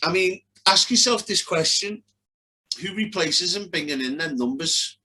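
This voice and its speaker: A man's voice: high-pitched, animated, a little slow, pushed and bright, husky, low-quality recording. A young man co-hosting a podcast, talking casually in blunt, sweary rants. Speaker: podcast co-host. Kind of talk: casual chat.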